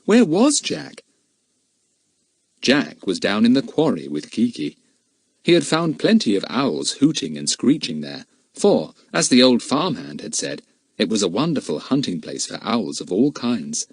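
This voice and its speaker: A man reading a children's adventure novel aloud as narrator, in a steady storytelling manner. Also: on the low side, normal speed, husky, no echo. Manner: steady storytelling, shifting into character voices. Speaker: audiobook narrator. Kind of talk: scripted narration.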